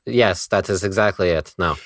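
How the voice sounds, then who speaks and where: A man with a very low voice plays in a tabletop game, laid-back and measured. The sound is close and dry. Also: dry recording. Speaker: player. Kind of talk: tabletop role-play.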